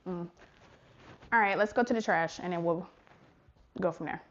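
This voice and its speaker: A young woman with a lowish voice vlogs at a moderate pace, the lo-fi sound recorded on a handheld phone or camera at home, on the stairs and outdoors. Chatty and speaking straight to viewers, she frequently says "y'all" and "child," and at times half-whispers so her business stays private.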